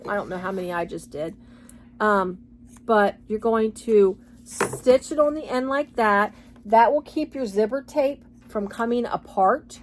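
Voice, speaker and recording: A woman's voice: mid-range voice, a little slow, slight background noise. A woman giving a casual sewing tutorial in a chatty, rambling way, full of fillers and restarts. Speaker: sewing pattern designer.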